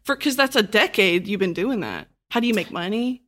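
A woman from Texas hosting a casual interview, chatty and playful with quick questions. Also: medium pitch, animated, a bit bright. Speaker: podcast host.

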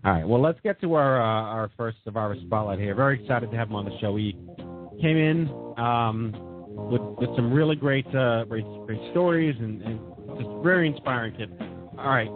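A man's voice: mid-range voice, normal speed. Casual male host, wordy and searching, lo-fi phone-quality sound. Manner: rambling, searching for words. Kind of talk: casual talk show. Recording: phone-quality audio with faint music.

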